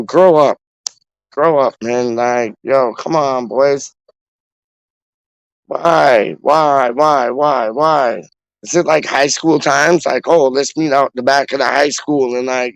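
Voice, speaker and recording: A man's voice: medium pitch, vocal fry, dry recording, rough recording. A man from Canada hosting a casual livestream, reading chat aloud and riffing in repetitive street slang. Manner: slangy, repetitive riffing, calls people dog. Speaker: fan channel host reading live chat.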